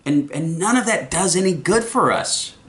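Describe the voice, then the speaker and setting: A man's voice: on the high side, lively intonation, moderate pace, fairly bright tone. A man preaching a sermon, earnest, often repeating the first words of a phrase.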